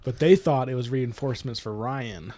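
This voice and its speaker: A man's voice: medium pitch, normal speed, warm tone, dry recording. A man co-hosting a casual book discussion podcast, laughing often and acting out characters' lines. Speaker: podcast co-host.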